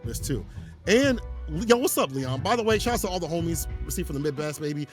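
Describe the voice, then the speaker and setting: A man doing casual esports commentary after a match, animated and playful, joking with his co-host. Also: fairly high pitch, fast, faint music behind. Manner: animated, hype, playful trash talk.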